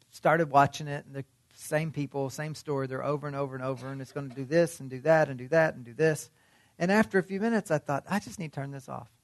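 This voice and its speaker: A man's voice: on the high side, no room sound, studio quality. A man preaching a sermon in a conversational way, often asking his listeners questions. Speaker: pastor.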